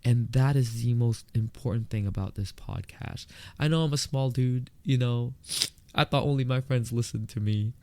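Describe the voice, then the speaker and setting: Young guy w a lisp doing his solo podcast, excitable, super open, dry close sound. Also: mid-range voice, no echo. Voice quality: lisp, more pronounced with retainers in. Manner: excitable and candid, laughs, quick asides. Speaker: podcast host. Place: indoors, filmed on camera.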